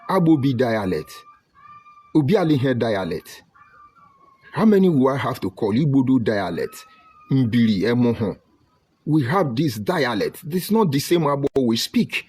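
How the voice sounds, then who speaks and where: Husky Nigerian man, impassioned. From Nigeria (Delta State, Ika). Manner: emphatic, preaching, swings between loud outbursts and low murmurs. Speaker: online commentator. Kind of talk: impassioned monologue broadcast.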